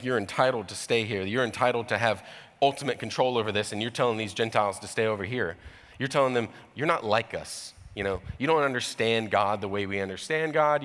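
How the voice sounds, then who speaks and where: Man, pastor, young adult, bright voice, storytelling sermon, reverberant hall. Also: on the low side. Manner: storytelling, animated with sudden voiced impressions.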